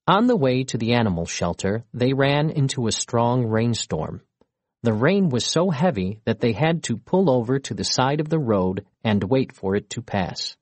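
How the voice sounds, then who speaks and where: A man narrates a children's storybook in an expressive, measured way. His voice is a little husky and moves lively up and down, recorded close with no room sound. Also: medium pitch, no echo.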